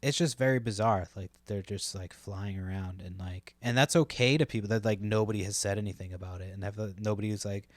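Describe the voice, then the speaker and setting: A man's voice: lowish voice, steady tone, fairly quick, few pauses, no echo. A man, rambling casually and profanely as a solo podcast host, full of fillers.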